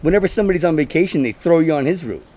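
A man's voice: fairly high pitch, racing. A man in his thirties hosting a casual podcast, telling stories loosely with swearing. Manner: swearing, animated storytelling with voices. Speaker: podcast host and comedian.

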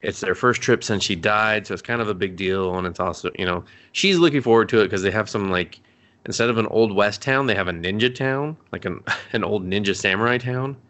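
Podcast co-host, man with a lowish voice, rambly and profane, casual recap. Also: a little fast. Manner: swears a lot, rambling and animated.

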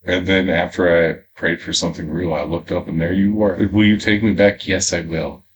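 A man's voice: sits low, fairly even intonation. A man co-hosting a casual podcast, teasing and correcting his partner as they recap a film. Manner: teasing, quick to correct, laughs often. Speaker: podcast co-host. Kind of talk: casual movie recap chat.

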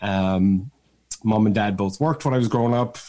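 Easygoing man with a softened Irish accent. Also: on the low side, normal speed. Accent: Irish, faded by years in America. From Ireland. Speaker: podcast guest. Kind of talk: casual interview chat.

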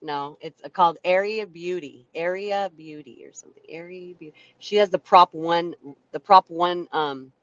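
A woman co-hosting a casual online talk show from her car, talking emphatically and excitably, heard through her phone. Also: lowish voice, normal speed. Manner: emphatic, excitable, talks over others. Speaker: co-host. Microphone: phone without headphones. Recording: dull, dry phone audio.

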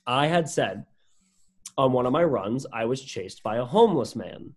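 Animated young guy telling a story. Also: medium pitch, moderate pace, husky. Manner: animated, swears casually, acts out quotes. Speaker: podcast co-host. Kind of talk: casual storytelling chat.

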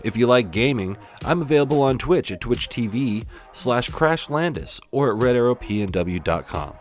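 A man's voice: mid-range voice, lively intonation, normal speed, faint music behind. A man co-hosting a podcast, tossing in dry quips and reading the show's sign-off. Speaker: podcast co-host. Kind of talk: casual chat.

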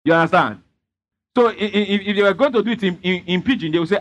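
A man preaches with a high-pitched voice. He leans hard on his points and keeps pressing the congregation to answer him back. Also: lively intonation, fast, fairly bright tone. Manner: emphatic, repeatedly prompting the congregation. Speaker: pastor. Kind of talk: sermon with call-and-response.

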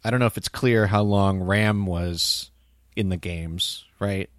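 A man's voice: sits low, fairly even intonation, unhurried, no echo. A man co-hosting a casual podcast, thinking aloud hesitantly about a film. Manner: thoughtful, hesitant, lots of fillers. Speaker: podcast co-host.

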